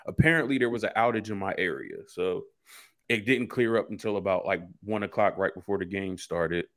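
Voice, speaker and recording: A man's voice: lowish voice, a little fast, fairly bright tone. A man co-hosting a casual sports talk show, telling rambling stories in slangy everyday speech. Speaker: co-host.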